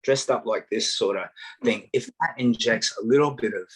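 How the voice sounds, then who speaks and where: A low, husky-voiced Australian man tells stories in a relaxed interview. He is animated and pokes fun at himself as he talks. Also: normal speed, low-quality recording. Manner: animated storyteller, self-mocking humour, acts out voices. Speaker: guest. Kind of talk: casual conversation.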